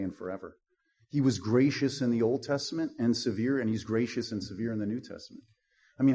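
A man's voice: medium pitch, darkish tone. A male pastor preaching a sermon in a blunt, punchy way, with mocking asides.

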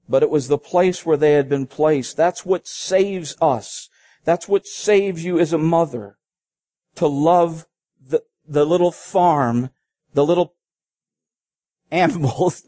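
Man, pastor, sermon, earnest, halting delivery, slightly high pitch, mellow tone. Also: no echo. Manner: earnest, halting, slows down for quoted passages.

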